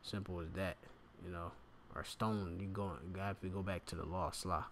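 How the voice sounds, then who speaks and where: A man's voice: low-pitched, fairly even intonation, normal speed, a little hiss or hum. A man giving an informal scripture lesson, reading verses aloud and stopping often to explain words, with many fillers. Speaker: bible teacher.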